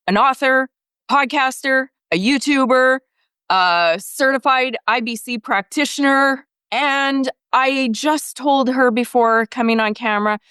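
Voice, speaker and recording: A woman hosting an interview show, bubbly and passionate, with a loud, excited way of talking. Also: a little high, clean tone, dry recording, clean studio sound. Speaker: podcast host.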